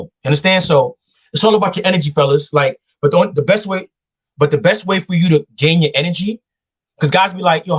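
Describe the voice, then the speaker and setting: A man's voice: a little high, slightly rough. A man hosting a live talk show, giving casual dating advice and acting out quoted voices as he tells stories. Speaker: show host.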